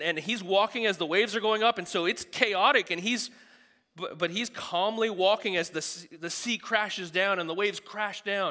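A man delivers a sermon with a slightly high, bright and forceful voice, talking to the congregation like a friend and breaking into quick asides. His words ring out with a long reverb in a large hall. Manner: conversational, animated preaching with quick asides. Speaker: pastor.

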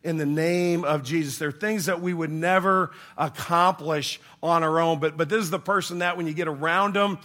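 A bright, slightly high-pitched man preaching to his congregation. He talks in a conversational way, acts out the voices he quotes, and swings from loud emphatic lines to quiet, hushed asides. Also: steady tone, normal speed, hardly any pauses. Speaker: pastor. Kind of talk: sermon.

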